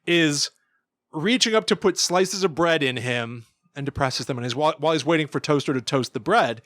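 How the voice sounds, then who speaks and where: Animated man in his thirties, dry sound. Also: on the high side, a little fast, dry recording. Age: 30s. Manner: animated storytelling, acting out lines with laughs. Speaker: podcast co-host. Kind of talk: casual chat.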